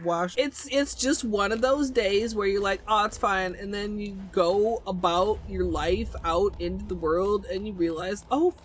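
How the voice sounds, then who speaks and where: A woman's voice: medium pitch, steady tone, measured pace, hardly any pauses, slight background noise. A woman streaming a game, rambling through settings and crude, silly asides to chat. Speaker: gaming streamer. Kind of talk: casual livestream chat.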